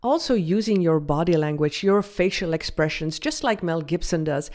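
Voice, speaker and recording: A woman's voice: on the low side, expressive, moderate pace, a little mellow. A woman host giving upbeat, scripted commentary about communication and confidence. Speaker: video host and communication coach.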